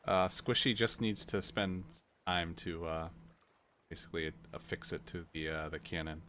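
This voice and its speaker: Acting as game master for a tabletop game, a man narrates loosely, filling his speech with fillers and hedges. His voice is low, pushed, and bright at a moderate pace, with a little hiss or hum in the recording.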